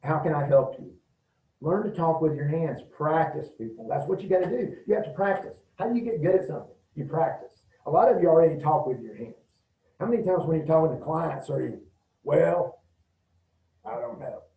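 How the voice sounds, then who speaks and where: Middle-aged man, folksy instructor, mellow voice, recorded from a distance in a roomy space. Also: a little high, lively intonation, creaky. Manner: folksy, demonstrative, acts out quick quoted bits. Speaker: martial arts instructor. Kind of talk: casual safety talk to an audience. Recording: roomy, distant, dull lo-fi sound.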